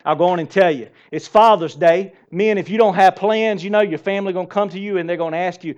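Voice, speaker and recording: A man preaching a sermon to a church congregation, lively and asking them direct questions. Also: sits high, quick pace, few pauses. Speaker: pastor. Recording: dull lo-fi sermon recording.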